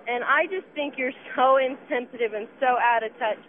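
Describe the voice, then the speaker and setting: Female caller, high-pitched and accusing, on a tinny car phone with faint road noise. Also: moderate pace, a crowd in the background. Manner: accusing and sharp, asks pointed questions. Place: in a car on the way home.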